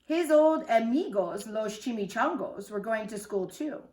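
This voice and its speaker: A woman's voice: on the high side, lively intonation, unhurried, darkish tone. A woman teacher reading a picture book aloud to children, with chatty asides to the kids. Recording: echoey room.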